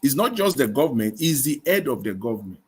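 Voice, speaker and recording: A man's voice: mid-range voice, big pitch swings, fast, darkish tone, slightly rough. Emphatic man hosting a debate. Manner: emphatic, repeats points for stress. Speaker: host of a live discussion stream. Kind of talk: live call-in debate.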